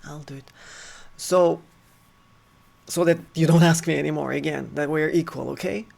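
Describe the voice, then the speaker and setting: A man telling a personal story in an earnest, halting way, often restarting his sentences. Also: on the high side, steady tone, creaky, a little mellow. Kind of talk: personal story told to camera.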